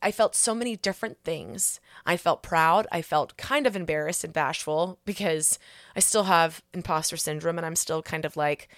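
A woman's voice: fairly low pitch, a bit bright, no echo, studio quality. A woman hosting her own podcast in casual solo chat, rambling and candid with many asides, earnest and encouraging. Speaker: podcast host.

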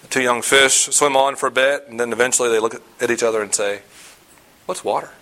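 Male pastor, mid-pitched voice, conversational sermon with rhetorical questions and sudden loud emphasis. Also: fairly even intonation, brisk, poor audio.

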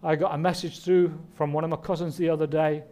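A pastor preaches a Christmas sermon, earnest and direct, frequently posing rhetorical questions to his listeners. His voice is a little high and dark-toned, level in delivery, and he talks fast.

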